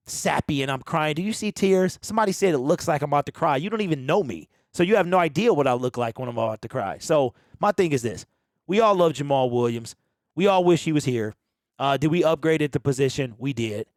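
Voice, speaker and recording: A man's voice: a little high, no room sound. A man hosting his own sports fan channel, talking passionately to the camera and answering commenters directly and defensively.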